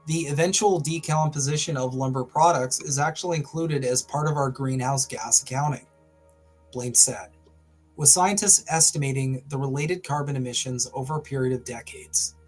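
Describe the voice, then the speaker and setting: A man's voice: medium pitch, normal speed, soft background music. A man hosting a livestream, reading an article aloud and breaking off into wry, sarcastic asides. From Canada. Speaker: host.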